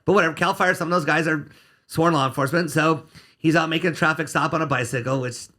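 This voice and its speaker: Blunt, bright-voiced male defense attorney. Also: on the high side, steady tone, fast. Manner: blunt, sarcastic, curses freely. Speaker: criminal defense attorney, podcast guest. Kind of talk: casual podcast interview.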